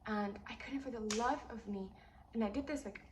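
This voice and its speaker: A young woman with a rather high voice talks through her feelings in a loose, rambling way, full of "like" and restarts. She sounds close to the mic, in a room with a noticeable echo and a faint hiss behind her. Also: moderate pace. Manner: rambling, filler-heavy, voice jumps high when venting. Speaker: vlogger. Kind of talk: emotional personal confession.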